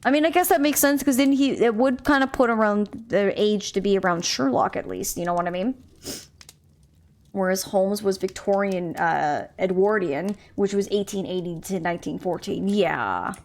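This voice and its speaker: A woman with a medium-pitched voice streams a mystery game, chatting at a normal pace. She muses aloud, reads in-game text, and stumbles over names.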